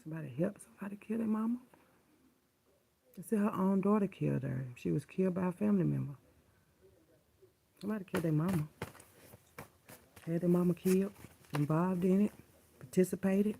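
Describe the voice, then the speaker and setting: A woman's voice: on the low side, a little fast, vocal fry, long pauses, slight background noise. A woman vlogger in a casual, unscripted rant to camera, blunt and profane, who keeps repeating her points. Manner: coos softly at her dogs in between.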